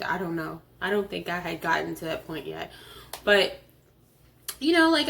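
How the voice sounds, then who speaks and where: Woman host with a sore throat, telling her own story in an animated way and voicing the people she quotes. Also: on the low side. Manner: animated, acts out quoted voices, frequent laughs. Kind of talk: personal storytelling.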